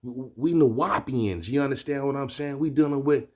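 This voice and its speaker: A man voicing an amped-up young man who talks fast and urges his listener to stay positive. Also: mid-range voice, a little mellow, pitched above the performer's own voice, close to an everyday voice. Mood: fired up. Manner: fast, amped-up pep talk. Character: hyped, upbeat young man preaching positivity.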